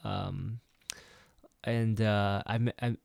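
A man's voice: lowish voice, flat delivery, slow pace, vocal fry, darkish tone, dry recording, studio quality. A man chatting casually, telling a rambling story with many restarts and acting out quoted dialogue. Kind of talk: casual chat.

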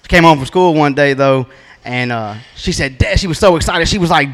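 High-voiced man doing stand-up. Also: brisk, fairly bright tone. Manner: laid-back drawling storytelling with punchy asides. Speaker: stand-up comedian. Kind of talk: stand-up comedy set. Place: comedy open mic stage.

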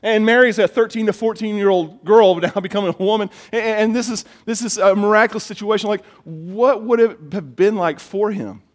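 A middle-aged man preaching a sermon as pastor, telling stories in an animated way and often repeating words as he gets excited. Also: high-pitched, brisk, hardly any pauses.

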